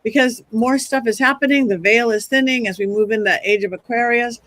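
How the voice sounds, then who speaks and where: A woman with a notably high voice tells stories in a lively, chatty podcast style, tumbling through quick restarts as she goes. She sounds middle-aged and speaks as a psychic medium guest. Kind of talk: casual podcast storytelling.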